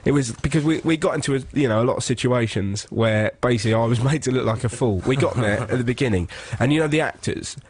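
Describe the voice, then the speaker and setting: A man's voice: medium pitch, fast, hardly any pauses, breathy edge. An English man co-hosting a radio show, telling a funny story with lots of energy and acting out people in silly voices. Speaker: radio co-host. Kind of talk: excitable comic storytelling. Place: radio studio.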